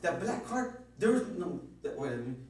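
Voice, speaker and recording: A scared man tumbles through his story at a rapid clip, stammering and cursing, his voice pitched a touch high. He sits in a booming, echoey interview room, caught by a distant mic over a faint hum. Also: sing-song, darkish tone. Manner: stammering, repeats himself, heavy cursing. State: frightened. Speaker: interviewee questioned by police. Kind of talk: nervous rambling account.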